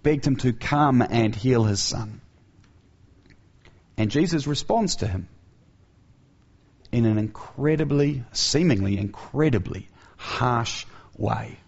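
Man, preacher, earnest sermon, rhetorical questions, vocal fry, muffled lo-fi sound. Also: medium pitch, lively intonation, takes it slowly, long pauses. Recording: dull lo-fi recording.

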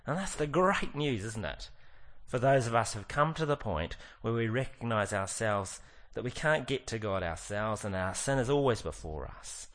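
A man preaching a sermon, earnest and slowing right down on the lines he wants to stress. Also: medium pitch, expressive, fairly bright tone. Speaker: pastor.

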